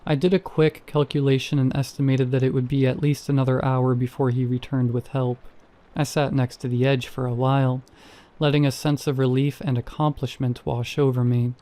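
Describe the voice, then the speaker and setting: A man reads a scripted first-person horror tale, measured and suspenseful in his pacing. His voice has a dark, mellow tone at a middling pitch. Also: level tone. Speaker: narrator.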